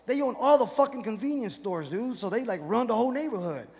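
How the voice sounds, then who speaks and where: A high-voiced stand-up comedian from Houston, Texas, performs a rowdy, profane set with punchy delivery, talking fast with lively intonation in a gravelly, slightly mellow voice. He's on a comedy stage before a live audience, with long venue reverb, crowd noise, laughter and hall ambience.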